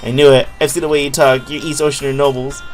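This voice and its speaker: A man voicing a scornful male intel-dealing thug in a video game, loud and taunting. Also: medium pitch, flat delivery, fast talker, soft background music, natural voice. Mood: sneering.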